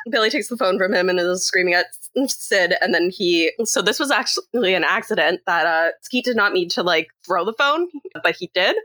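A woman from Canada retells a film plot in a casual podcast chat, jumping into a higher, bigger voice whenever she quotes the characters and laughing along the way. Her tone is bright and clear, and the sound is dry and close. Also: brisk, few pauses, no echo. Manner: animated retelling, acting out quotes in a raised voice, laughing often. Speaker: podcast co-host. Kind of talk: casual movie recap chat.

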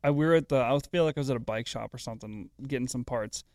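A man's voice: mid-range voice, fast talker, a little mellow, no echo, studio quality. A man co-hosting a casual podcast chat, telling laid-back anecdotes, swearing, and acting out what people said. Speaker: podcast co-host.

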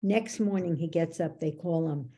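A woman coach explaining how beliefs work, teaching through lively anecdotes and acting out what people said. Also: low-pitched, normal speed, slightly rough. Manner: animated storyteller, acts out quoted dialogue. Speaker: belief coach, podcast guest.

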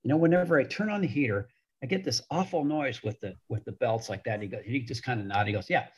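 Husky-voiced middle-aged broadcaster, chatty storyteller, mid pitch. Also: male voice, fast. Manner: chatty anecdotal storyteller, acts out quoted voices. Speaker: hockey broadcaster. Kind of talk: storytelling podcast interview.

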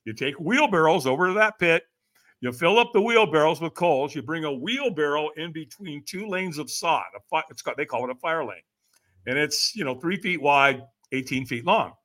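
A middle-aged man telling a story as a podcast guest, with a high, bright, forceful voice. His pitch swings widely as he acts out the people in his tale and keeps asking "right?" to pull the listener along. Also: normal speed. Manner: lively, acts out quoted voices, frequent "right?". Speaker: podcast guest, personal development coach. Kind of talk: animated storytelling in a podcast interview.

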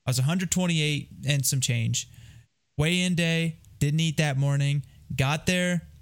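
A man's voice: fairly high pitch, smooth. Young man telling a rambling profane story. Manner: rambling, profane, self-deprecating, quick asides. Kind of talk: casual storytelling.

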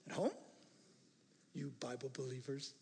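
An older man preaching a sermon as pastor, animated, moving from hushed asides to loud emphatic passages. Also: mid-range voice, measured pace, noisy background. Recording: reverberant hall.

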